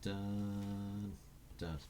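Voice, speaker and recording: Male music teacher, slow deliberate delivery, counting beats, faint background hiss. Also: on the low side, level tone, dark tone. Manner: counts beats aloud and sings rhythm syllables. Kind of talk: recorded music lesson.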